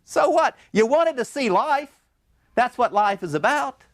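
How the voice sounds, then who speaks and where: A man's voice: very high-pitched, lively intonation, measured pace, no room sound, clean studio sound, pitched above the performer's own voice, heavily acted. A man voicing a sly male devil who taunts and mocks in a raised voice. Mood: scornful. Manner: mocking, taunting.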